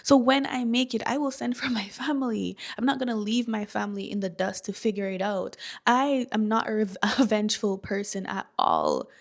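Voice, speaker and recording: A woman's voice: medium pitch, animated, moderate pace, creaky. Earnest woman vlogging about her business, heartfelt, repeats stuff for emphasis like a preacher. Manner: emphatic, repeats lines for stress. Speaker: faith-based skincare founder. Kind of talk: personal vlog monologue.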